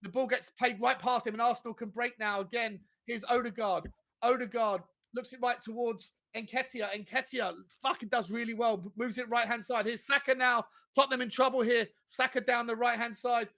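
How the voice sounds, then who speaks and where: An Irish man calling a match live for a fan stream, his voice high and bright with a gravelly rasp. He bursts into shouts and curses when a shot goes in on goal. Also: fairly even intonation, moderate pace. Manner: shouts and screams at big chances, swears. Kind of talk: excited fan play-by-play commentary.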